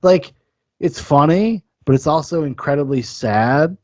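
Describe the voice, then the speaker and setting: A man's voice: a little high, expressive, unhurried, a little mellow, dry recording, highs cut off. A man hosting a podcast, talking in a rambling, profane, enthusiastic way about a film. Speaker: podcast host. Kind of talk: casual film-review chat.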